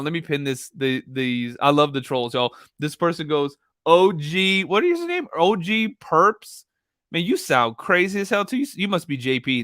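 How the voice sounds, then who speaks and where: A man's voice: fairly high pitch, pushed and bright, dry recording, clean studio sound. A man hosting a true crime livestream, talking bluntly and mockingly with lots of swearing. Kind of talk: casual livestream commentary.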